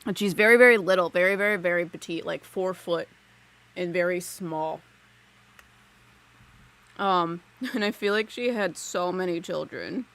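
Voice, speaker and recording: A woman's voice: on the low side, unhurried, gravelly, pauses often, a bit bright. A woman casually chatting while giving a live psychic reading at her desk at home, talking freely and laughing between thoughts. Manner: chatty, giggly, lots of "like" fillers. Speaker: psychic medium streamer. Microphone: desk mic on a live stream.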